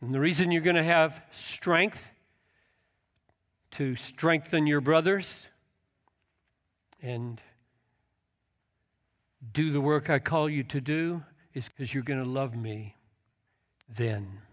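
A man's voice: on the high side, takes it slowly, long pauses, a bit bright. A man preaching a sermon, emphatic, quoting scripture with rising intensity. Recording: long hall reverb.

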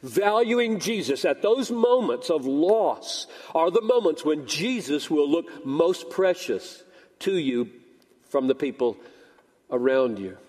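A man's voice: a little high, big pitch swings, slow, a little mellow, long reverb tail. An older man preaching a sermon as pastor, telling a story animatedly and acting out both sides of the dialogue. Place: church sanctuary.

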